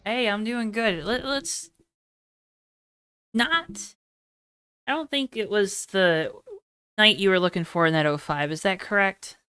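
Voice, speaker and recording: A woman's voice: mid-range voice, a little slow, long pauses, pushed and bright, clear, resonant tone, no room sound. A woman interviewing a race driver after a race, friendly and reassuring, asking rambling questions.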